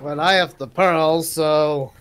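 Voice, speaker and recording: High-voiced male tabletop player. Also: steady tone, takes it slowly, a bit bright, slight background noise. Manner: wary, polite questioning. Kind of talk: in-character tabletop role-play.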